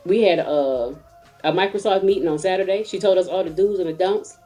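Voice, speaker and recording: A woman, a mother, telling a comic story in a casual rant, animated and acting out other people's voices. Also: on the low side, brisk, faint music behind.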